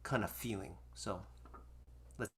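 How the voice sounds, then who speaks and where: A man's voice: on the low side, a little slow, heavy background noise. A man in his sixties, a musician and teacher, talking casually and reading from his memoir over a video call, rambling with many restarts. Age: 60s. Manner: rambling and conversational, full of restarts. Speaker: musician and Asian American studies teacher. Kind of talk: casual talk with memoir reading to an online audience.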